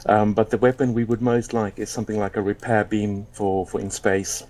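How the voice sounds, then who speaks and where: A man speaking for a gaming group as a guest on a livestream, calm and matter-of-fact. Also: on the low side, normal speed. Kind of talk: casual remote chat.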